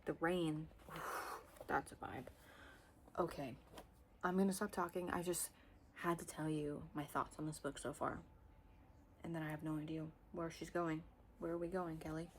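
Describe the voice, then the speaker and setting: A young woman chatting casually to camera about her reading, rambling with lots of fillers and excited bursts. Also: deep voice, moderate pace, pauses often, a little hiss or hum. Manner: expressive, swings into loud excited bursts. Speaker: book vlogger.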